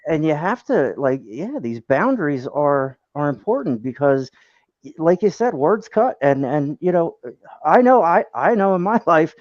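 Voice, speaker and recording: A man's voice: fairly high pitch, very animated, unhurried, darkish tone, no echo, muffled recording. A man hosting a casual podcast chat, encouraging and affirming.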